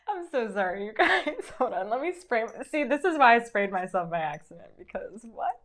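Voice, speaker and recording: A woman's voice: fairly high pitch, big pitch swings, normal speed, hardly any pauses, a bit bright. A young woman doing a casual live-stream tarot reading, gushing and encouraging, full of fillers and frequent giggles.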